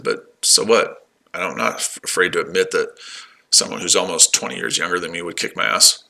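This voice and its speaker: Forties guy on a livestream, low-ish voice but bright, taunting and repeating himself. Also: vocal fry. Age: 40s. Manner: combative, taunting, repetitive. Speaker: livestream host. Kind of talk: casual livestream banter.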